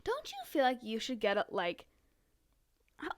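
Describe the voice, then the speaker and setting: A woman's voice: fairly high pitch, wildly swooping pitch, normal speed. A young woman co-hosting a podcast in casual chat, bubbly and enthusiastic, speaking through a bout of hiccups. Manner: bubbly, enthusiastic, laughing asides. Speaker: podcast co-host.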